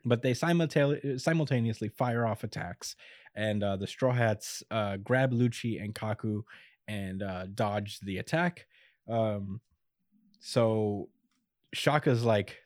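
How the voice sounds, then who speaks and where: A man's voice: lowish voice, takes it slowly, no room sound, studio quality. A man in casual chat recapping an anime episode, laid-back and chuckly, with lots of fillers.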